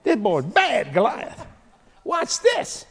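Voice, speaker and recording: A man's voice: very high-pitched, huge pitch swings, slow, a bit bright, slightly rough, pitched above the performer's own voice, full character voice. A man voicing an older king earnestly warning a boy about a giant, with a long hall reverb on the voice. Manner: cautioning, earnest.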